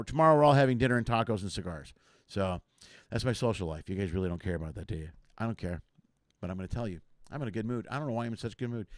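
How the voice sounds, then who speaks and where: A man's voice: mid-range voice, fairly bright tone, dry recording, clean studio sound. A man from the area, a comedian hosting a casual live chat show and rambling jokily. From Chicago area. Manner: rambling, jokey, self-deprecating.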